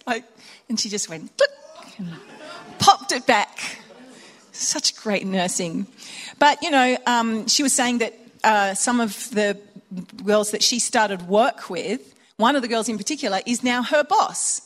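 A woman giving an informal sermon to mothers, chatty and animated, telling stories with acted-out dialogue. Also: a little high, measured pace. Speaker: speaker at a Christian women's or mothers' gathering. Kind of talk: informal sermon with personal anecdotes.

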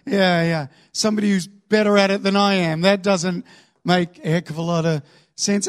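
High, gravelly-voiced animated preacher man. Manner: animated comic storytelling, acts out crowds, shouts, then drops to soft earnest tones. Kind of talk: sermon.

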